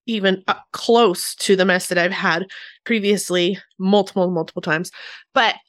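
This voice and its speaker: A woman hosting a casual solo podcast, chatty, laughing often and swooping up and down in pitch. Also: a bit bright, no echo, clean studio sound. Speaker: podcast host.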